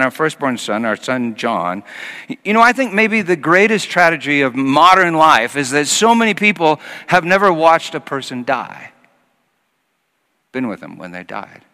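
A man preaching a sermon as pastor, telling a personal story and moving from hushed passages to loud acted quotes. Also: fairly high pitch, very animated, moderate pace. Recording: long hall reverb.

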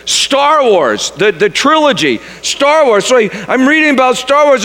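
A very high, bright-voiced man preaches in a storytelling way, reading passages with dramatic flair and often tripping over and repeating his words. His voice swoops up and down a lot, and a long reverb trails behind it as if he were in a big hall. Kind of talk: storytelling sermon.

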